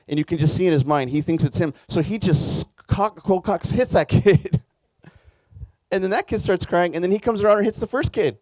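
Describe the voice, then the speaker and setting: A man's voice: mid-range voice, warm tone, no echo. A man preaching a sermon as a pastor, in a conversational, earnest way, with frequent restarts.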